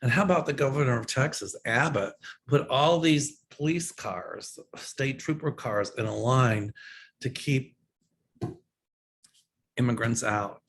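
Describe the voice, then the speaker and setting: A man's voice: mid-range voice, measured pace, fairly bright tone. Man talking casually over faint noise. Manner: conversational and opinionated, with frequent ums and restarts. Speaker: psychic host answering viewer questions. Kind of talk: casual livestream Q&A.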